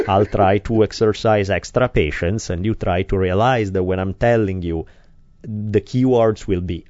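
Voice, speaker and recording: A man's voice: fairly low pitch, unhurried, a little mellow, no echo. A man co-hosting a podcast, talking candidly in casual chat, self-deprecating and swearing freely. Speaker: podcast co-host. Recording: slightly dull lo-fi sound.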